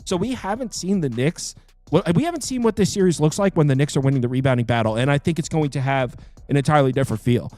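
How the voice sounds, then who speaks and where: A man hosting a sports betting picks show, talking casually and quickly, full of fillers and quick asides. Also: fairly high pitch. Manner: animated, quick, with fillers and self-interrupting asides.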